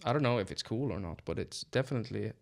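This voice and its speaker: A man's voice: on the low side, expressive, fast talker, vocal fry. A man with a Swedish accent chatting casually on a podcast, thinking aloud with ums and restarts. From Sweden. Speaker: podcast co-host. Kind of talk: casual chat.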